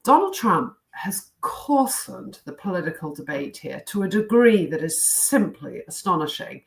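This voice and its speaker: A British woman with a somewhat low voice talks politics with emphatic indignation. She is a former diplomat, and she lays out her case point by point in an animated commentary style. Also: rough recording. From United Kingdom.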